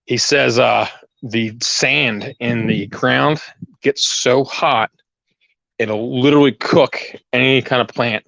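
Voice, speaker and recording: A man talks loosely to his viewers while working outside, often stopping to restart his sentences. His voice sits at a middling pitch and comes through a lapel mic. The sound is dry and a little dull, with a lo-fi edge. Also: steady tone, slow pace, vocal fry, bright, forceful tone, no echo. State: out of breath. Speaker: channel host. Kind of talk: casual live chat while gardening.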